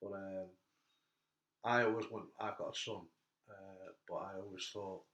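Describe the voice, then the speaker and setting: A man's voice: deep voice, moderate pace, muffled recording. Man telling stories in an echoey room. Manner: animated storyteller, laughing at his own anecdotes. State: hurt back. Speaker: host. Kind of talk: casual chat.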